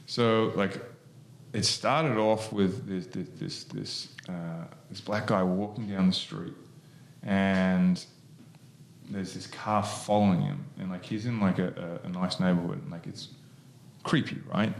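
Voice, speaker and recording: A man's voice: low-pitched, steady tone, measured pace, creaky, a little hiss or hum. A man, co-hosting a podcast and explaining hypnosis in loose, rambling chat full of fillers. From Australia. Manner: rambling, many fillers and restarts.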